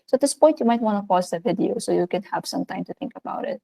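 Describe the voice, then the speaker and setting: A woman with a Filipino accent, teaching a recorded video lesson. She speaks in an upbeat, animated way, with sudden lifts in pitch. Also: quick pace, creaky, poor audio. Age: adult of working age.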